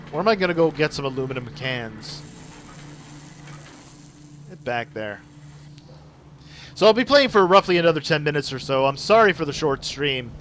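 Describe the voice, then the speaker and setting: A young Canadian man streaming gameplay live, chatting excitedly with viewers and apologizing a lot. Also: medium pitch, slight background noise.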